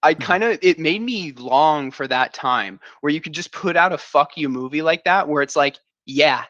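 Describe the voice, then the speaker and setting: A man's voice: on the high side, moderate pace, pushed and bright, no echo, lo-fi sound. A man hosting a casual movie review podcast, laughing often and rambling through his points.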